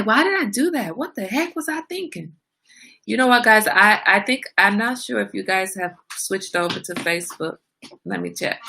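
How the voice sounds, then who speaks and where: A woman's voice: medium pitch, creaky, pushed and bright, slightly rough. A woman hosting a casual livestream, chatting straight to her viewers. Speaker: livestream host.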